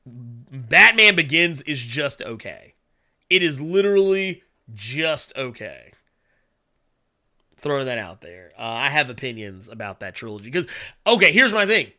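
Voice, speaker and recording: A man's voice: medium pitch, lively intonation, a little slow, bright, forceful tone. A man hosting a casual solo show, rambling with many fillers, humming while he reads viewer chat and turning blunt and profane when he rants. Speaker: podcast host.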